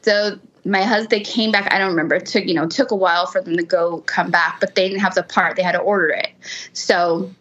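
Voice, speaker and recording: A woman guest telling a personal story in a lively way, using "like" often. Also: on the low side, fairly quick. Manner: animated, fillers of "like". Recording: muffled lo-fi audio.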